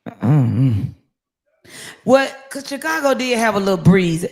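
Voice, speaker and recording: A woman hosting a casual livestream from her phone, telling stories in a lively, profane way. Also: medium pitch, slow pace. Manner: lively, profane storytelling with laughs. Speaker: livestream host.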